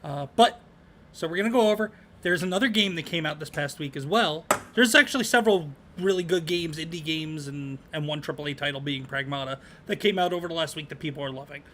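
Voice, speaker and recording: A man co-hosting a casual podcast about games, with a bright, forward voice. He rambles and fills gaps with um and uh. His pitch sits a little high for a man. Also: quick pace, a little hiss or hum. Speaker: podcast co-host.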